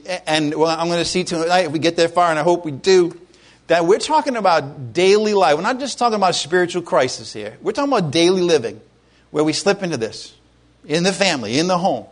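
High-voiced man preaching a lively sermon. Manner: conversational, asks the congregation questions, rises to loud exclamations. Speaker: pastor.

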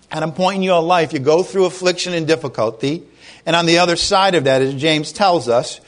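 Middle-aged male pastor, chatty, lively sermon delivery, voice sits a bit high. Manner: conversational, animated, acts out short dialogues.

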